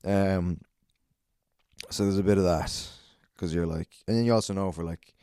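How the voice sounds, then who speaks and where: A man's voice: low-pitched, fairly even intonation, moderate pace, mellow, clean tone, dry recording, studio quality. An Irish man hosting a solo podcast, rambling and swearing a lot, self-mocking and a bit out of breath. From Ireland. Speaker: podcast host.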